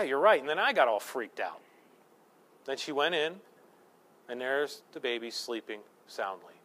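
A pastor in his thirties preaches a sermon full of lively storytelling and self-deprecating humor. He swings between loud emphasis and hushed asides, and his voice sits in the mid range.

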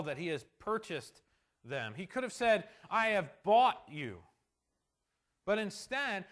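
A man with a high voice preaching a sermon as a pastor. He talks earnestly and slows down to press home the verses he quotes. He drops into quiet asides and then rises to loud emphasis. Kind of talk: expository sermon.

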